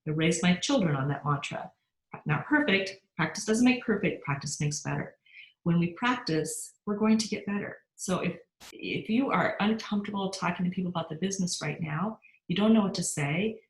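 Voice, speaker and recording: A middle-aged woman giving an upbeat motivational sales training talk and often asking her listeners questions. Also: on the low side. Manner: upbeat, asks the audience questions. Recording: roomy echo.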